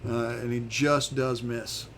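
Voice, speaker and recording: A man runs a tabletop game as its game master, narrating combat at a slow, deliberate pace. His voice sits mid-range, with small pauses and fillers as he works out each move. A faint hiss runs under the recording. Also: medium pitch, fairly even intonation, a bit bright. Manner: unhurried, halting narration with frequent fillers.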